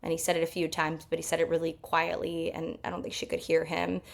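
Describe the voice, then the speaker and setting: A woman's voice: deep voice, completely flat delivery, fast talker, gravelly. A young woman telling a personal story in a candid, emotional way, with lots of fillers. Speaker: podcast host.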